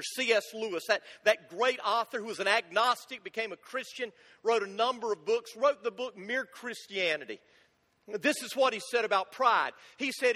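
A man's voice: high voice, normal speed, sharp tone. A male pastor preaching a sermon. He tells folksy stories and repeats key lines for emphasis. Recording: long church reverb.

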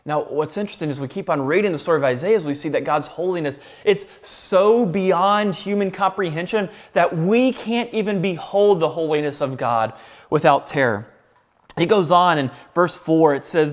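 A man's voice: a little high, normal speed. A man preaching a sermon, earnest and explaining with everyday examples and light teasing asides. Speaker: pastor.

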